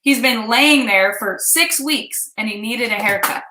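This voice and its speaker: Woman vlogger in her fifties, from kansas, animated storytelling, fairly high bright voice, roomy echo. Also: a little slow, a little hiss or hum. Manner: chatty, animated, addresses viewers directly. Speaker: vlog host. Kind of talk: personal storytelling to viewers.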